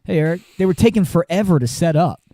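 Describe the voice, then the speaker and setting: A man's voice: on the high side, expressive, fast talker, dark tone, dry recording. A man hosting a podcast in casual chat, laid-back, laughing often and telling stories. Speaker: podcast host.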